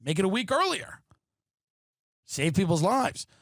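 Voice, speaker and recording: Brief: male comic host, fairly high voice, profane animated rant, dry close sound. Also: unhurried, no echo. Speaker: podcast host. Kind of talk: ranting comedic monologue. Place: his apartment.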